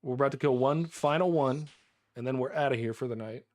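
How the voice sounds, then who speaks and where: Talking a little fast in a mid-range voice, an American man streams a game live, chatting excitedly with frequent laughs and repetitions.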